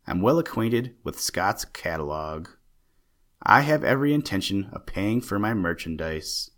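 A man voicing a fussy, excitable old male stamp collector with a chattering, genteel manner. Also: deep voice, unhurried, exaggerated voice. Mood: earnest. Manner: chattering, genteel, easily indignant.

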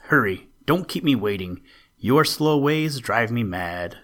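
A man's voice: medium pitch, lively intonation, a little slow. A man reading as a harsh scolding stepmother. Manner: scolding, sharp. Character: harsh impatient stepmother, middle-aged woman.

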